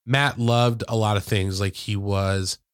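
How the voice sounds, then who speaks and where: This thirty-something man co-hosts and edits a podcast, and here he speaks with emotion, nearly crying, in a rambling way packed with fillers and restarts. His fairly low, steady voice comes a little slow with no echo, picked up by a studio microphone while he wears headphones.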